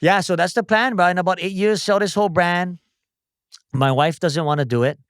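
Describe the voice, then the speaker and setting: A man's voice: high voice, brisk, clean tone, no room sound, clean studio sound. Joking, foul-mouthed Hawaiian Pidgin man. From O'ahu, Hawaii. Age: 40s. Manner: profane, blunt, joking banter. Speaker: guest, chef and restaurant owner. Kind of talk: casual podcast conversation.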